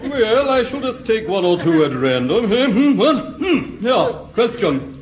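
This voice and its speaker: A man's voice: sits high, big pitch swings, measured pace, a loud crowd, very noisy. A man playing a pompous, stuffy headmaster who grows exasperated with a pupil, in a 1960s radio comedy.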